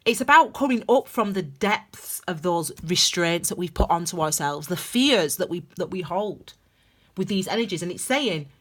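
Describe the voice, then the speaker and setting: A woman's voice: on the low side, expressive, moderate pace, a bit bright. Impassioned woman giving a tarot reading. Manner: emphatic, rambling, impassioned, with frequent restarts. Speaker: tarot reader. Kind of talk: casual spoken tarot reading to camera.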